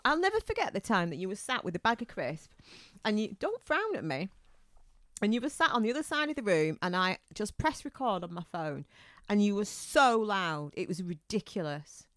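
Teasing woman, lively pitch. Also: normal speed, dry recording. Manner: teasing, laughs often. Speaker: podcast co-host. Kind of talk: casual chat.

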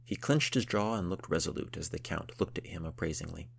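A man narrating a historical novel in a steady, measured storytelling manner. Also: sits low, vocal fry, a little hiss or hum.

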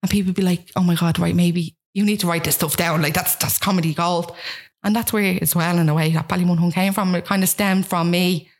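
Fast-talking Dublin woman, frank and self-mocking. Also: fairly low pitch, fairly even intonation. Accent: Dublin Irish. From Ireland. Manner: rapid, frank, self-mocking, acts out quotes. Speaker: guest. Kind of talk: candid personal storytelling.

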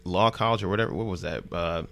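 A man's voice: sits low, fast talker, gravelly, a bit bright. A man from New Jersey, a news show host, telling a rambling story in casual, loose speech full of "like" and swearing. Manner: laid-back, rambling, heavy on "like", swears freely.

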